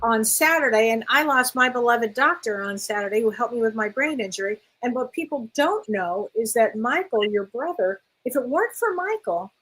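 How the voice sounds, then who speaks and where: A woman co-hosting a spiritual talk show in a gentle, affirming way. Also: fairly high pitch, lively intonation, moderate pace, few pauses, breathy edge, low-quality recording. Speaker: co-host, spiritual medium.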